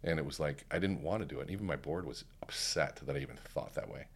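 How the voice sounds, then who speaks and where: A man with a very low, slightly husky voice tells a story at a quick clip as a podcast guest. He acts out each line people said to him, and his voice swings up when he gets animated. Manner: animated, acts out quoted dialogue. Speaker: podcast guest, keynote speaker. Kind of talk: storytelling in casual conversation.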